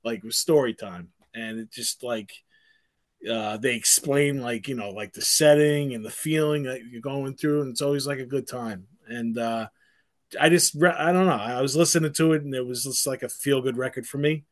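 A man's voice: mid-range voice, moderate pace. A man guesting on a podcast, talking in a laid-back, rambling way with lots of "man" and "you know.". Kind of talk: casual chat.

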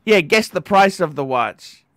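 A man hosts a livestream in a profane, repetitive rant that breaks into shouting. His voice is bright and his delivery slow and drawn out. The sound is dry and close. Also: a little high, animated, no room sound. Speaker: livestream host.

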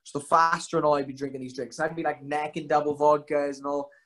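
A man's voice: fairly high pitch, flat delivery, fast, fairly bright tone. A young man, chatting as a podcast guest, telling rambling, self-mocking stories full of swearing. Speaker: guest, fighter. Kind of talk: casual podcast chat.

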